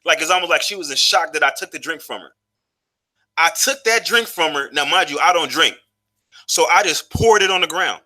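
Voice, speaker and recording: A man's voice: fairly high pitch, expressive, brisk, pushed and bright. A man in his thirties telling a personal story in a loose, profane, casual monologue, full of fillers and restarts. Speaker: vlogger.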